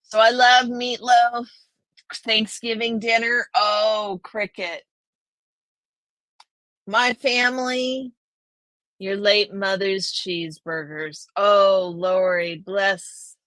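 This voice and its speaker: A woman's voice: mid-range voice, fairly even intonation, extremely slow, pauses often, fairly bright tone, no room sound. A woman hosting a casual live stream, chatting with viewers and reading their names aloud. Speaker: livestream host.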